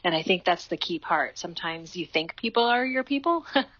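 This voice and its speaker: A woman's voice: on the low side, animated, brisk, a bit bright, lo-fi sound, slight background noise. A woman guest on a podcast, earnestly sharing heartfelt advice with lots of "you know"s. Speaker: interview guest, life coach. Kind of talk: podcast interview, reflective advice.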